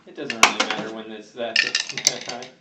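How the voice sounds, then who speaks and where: A man's voice: lowish voice, level tone, a little fast, echoey room, recorded from a distance, heavy background noise. A man playing a tabletop game and making dry jokes. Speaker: player. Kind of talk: casual tabletop play.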